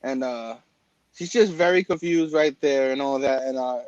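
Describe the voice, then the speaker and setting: A man's voice: medium pitch, normal speed, darkish tone, no room sound, lo-fi sound. A man hosting a casual comic book talk show, rambling with lots of fillers and restarts. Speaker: podcast host. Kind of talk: casual chat.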